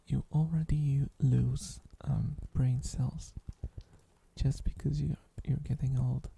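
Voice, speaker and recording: Sleepy whispering man, gravelly and dark. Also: medium pitch, steady tone, slow pace. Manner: drowsy, meandering, whispering often. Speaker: ASMR streamer. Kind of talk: soft-spoken ASMR rambling. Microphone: close ASMR microphone.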